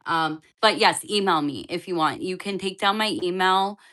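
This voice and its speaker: This tarot reader on a live stream has a lowish voice with a bright, forceful tone and speaks at normal speed. She chats casually, answering the chat and speaking directly to her audience.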